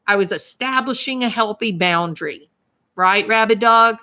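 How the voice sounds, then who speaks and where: A Southern woman with a Southern American accent hosts a casual YouTube livestream, reading the live chat and addressing commenters by name in an emphatic, indignant way. Her voice is medium-pitched and sharp, at normal speed.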